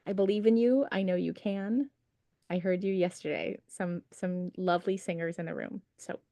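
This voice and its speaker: A woman's voice: on the low side, little pitch movement, normal speed, creaky, warm tone, no echo. A woman teaching a traditional singing class over a video call, patient and encouraging as she explains pronunciation. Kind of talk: online singing lesson. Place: home setup on a video call.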